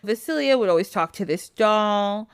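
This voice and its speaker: Animated woman podcast host retelling a tale. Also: medium pitch, normal speed, smooth, no room sound, clean studio sound. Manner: animated, laughs often, filler "like". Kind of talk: casual storytelling.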